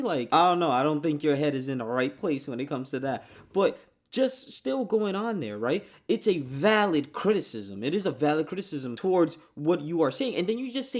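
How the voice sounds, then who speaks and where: A man's voice: a little high, big pitch swings, fairly quick, a little mellow. A man giving casual reaction commentary in a blunt, mocking way, swearing freely.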